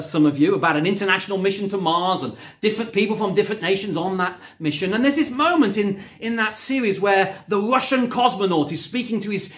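A man's voice: high-pitched, a bit bright. A man preaching a sermon from home, emphatic and rising on key words, with conversational asides. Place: at home, recorded during lockdown.

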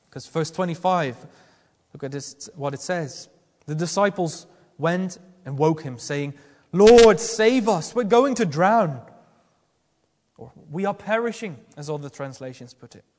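A man delivers a sermon, earnest and searching, circling back to restart his phrases as he works through the text. His voice sits fairly high for a man, and it carries with a long reverberant tail through a church hall. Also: a little mellow. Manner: earnest, questioning, with frequent restarts. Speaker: preacher.

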